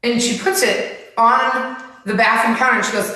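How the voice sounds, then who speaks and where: A woman's voice: fairly high pitch, moderate pace, sharp tone. A middle-aged woman co-hosting a casual chat, telling stories with lots of swearing and laughter. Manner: profane, storytelling, laughs often. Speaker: podcast co-host. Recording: very echoey room.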